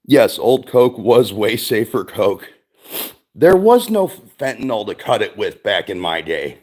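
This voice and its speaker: A middle-aged man rambles through a livestream chat at a middle pitch, swearing freely and stacking up fillers. He talks to his stream mic in a loose, unscripted way. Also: expressive, a little slow. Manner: profane, rambling storytelling with many fillers. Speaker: streamer host.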